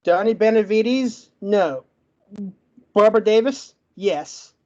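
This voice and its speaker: A man giving a debate closing argument in a rapid, list-like way, with a stutter that makes him get stuck on words. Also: high-pitched, a little mellow, dull audio. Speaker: debate participant.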